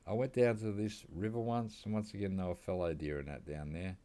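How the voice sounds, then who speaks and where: A man's voice: low voice, steady tone, brisk, mellow. An Australian man streaming from home, giving laid-back, rambling gameplay commentary and chuckling often. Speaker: game streamer.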